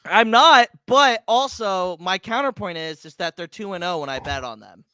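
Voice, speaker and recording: A man co-hosting a casual sports podcast, excitable and prone to stammering restarts. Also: high-pitched, normal speed, clear, resonant tone. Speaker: podcast co-host.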